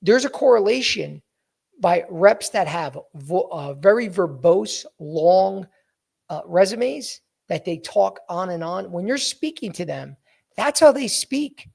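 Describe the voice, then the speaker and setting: A man's voice: sits high, animated, unhurried, vocal fry, a little mellow. A man hosting a podcast, coaching listeners bluntly through a resume, repeating his key points. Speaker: podcast host and sales coach. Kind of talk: coaching talk, walking through a resume on screen.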